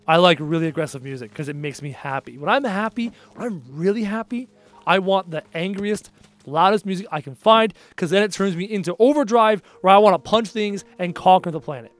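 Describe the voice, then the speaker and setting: A young man with a high voice talks casually on a live stream, answering chat bluntly and hammering his points with repetition. Faint music plays quietly behind him. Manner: blunt, emphatic, repeats phrases for punch.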